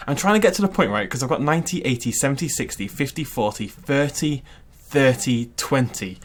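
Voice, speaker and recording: A man hosting a gaming channel, giving chatty, excitable let's-play commentary and laughing often. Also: medium pitch.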